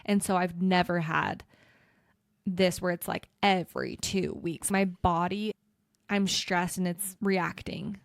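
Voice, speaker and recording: A woman's voice: lowish voice, fairly even intonation, takes it slowly, creaky, dry recording, studio quality. A woman in her thirties co-hosting a podcast, opening up in a candid, emotional and self-deprecating way. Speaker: podcast co-host. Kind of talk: candid casual chat.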